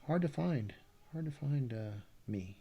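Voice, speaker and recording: A man's voice: medium pitch, lively intonation, measured pace, vocal fry, lo-fi sound, slight background noise. A man in his forties from Texas with a Texas accent, talking casually in a meandering, self-correcting way on a vlog. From Texas, USA. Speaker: artist vlogger.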